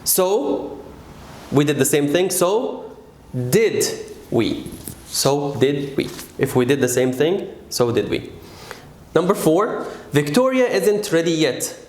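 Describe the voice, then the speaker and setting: A man teaching an English grammar lesson, patient and stressing key words slowly. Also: fairly high pitch, sing-song, a little mellow, echoey room.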